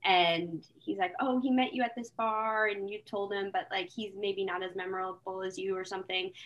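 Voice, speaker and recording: A woman guest on a podcast, telling stories in a rambling, animated way with many fillers. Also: mid-range voice, moderate pace, lo-fi sound. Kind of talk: casual podcast chat.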